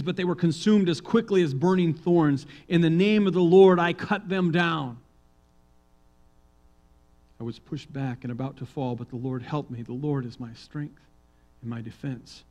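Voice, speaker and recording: Male pastor, slightly high voice, sermon delivery: soft scripture reading that swells into loud emphatic preaching. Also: rough recording. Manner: swings between hushed reading and loud emphatic proclaiming.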